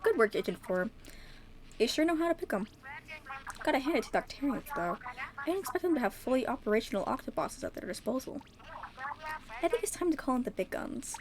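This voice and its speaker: A woman voicing a cool young female squid agent in a dry, low-key way while reading game dialogue aloud. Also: sing-song, a little fast, pauses often, background noise.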